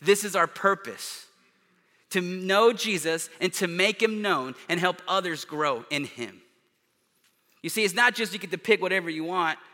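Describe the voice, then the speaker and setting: Pastor, male, higher-pitched and very bright voice, earnest sermon with emphatic swells and hushed drops, recorded in a church sanctuary. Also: expressive, moderate pace, in a large hall.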